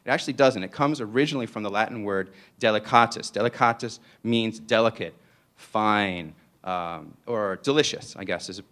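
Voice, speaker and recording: A man with a New York accent gives a public lecture in a somewhat low voice. He is playful and digressive and keeps tossing rhetorical "right?"s at the audience. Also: normal speed, a bit bright.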